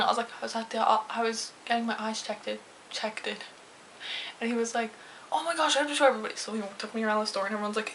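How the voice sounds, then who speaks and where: A young woman talks straight to camera in a loose, chatty vlog, jumping into little acted-out exchanges as she tells her story. Her voice is bright and pitched a touch high. A faint hiss sits under the recording. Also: fairly quick, poor audio. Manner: chatty, animated retelling with swearing and quoted voices. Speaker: vlogger.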